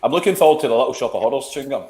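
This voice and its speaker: A man's voice: medium pitch, lively intonation, very fast, dark tone. A man, co-hosting a web show with laughing, incredulous interjections, recorded in an echoey room with faint noise. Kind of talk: casual banter.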